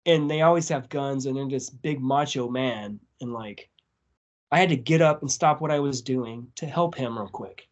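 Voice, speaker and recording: A man guesting on a podcast, telling a story in a casual, profane, animated way. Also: medium pitch, normal speed. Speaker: tattoo artist.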